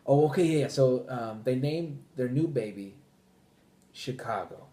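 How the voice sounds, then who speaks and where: A man's voice: medium pitch, expressive, unhurried, mellow. A man hosting a podcast, ranting casually and profanely, with mock voices for the people he quotes. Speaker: podcast host. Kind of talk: casual chat.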